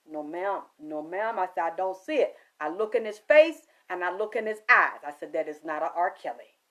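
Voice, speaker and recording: A woman's voice: fairly low pitch, expressive, moderate pace, fairly bright tone. Profane, emphatic woman telling a story. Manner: profane, emphatic, quotes herself and others. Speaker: psychic reader. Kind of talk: casual storytelling monologue.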